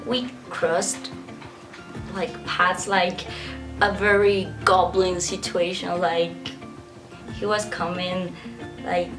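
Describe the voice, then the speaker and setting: A young woman in her twenties, a vlogger telling a story in casual chat, filling her talk with "like" and frequent laughs. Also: medium pitch. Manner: chatty, fills speech with "like" and laughs.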